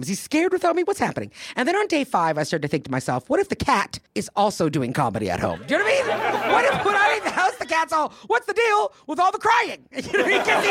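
A woman doing a stand-up comedy set on a club stage, brash and profane, with a punchy delivery into a handheld mic. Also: sits low. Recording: live club recording with loud crowd and noise.

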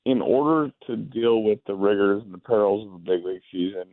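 A man who played pro baseball, a guest giving thoughtful, halting answers in a casual interview. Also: lowish voice, steady tone, no room sound, phone-quality sound. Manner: thoughtful, halting, restarts phrases.

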